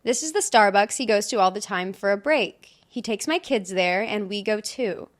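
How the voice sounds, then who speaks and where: A woman's voice: medium pitch, lively intonation, moderate pace. A young woman co-hosting a casual podcast, reading stories aloud in a chatty way and laughing often. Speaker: podcast co-host.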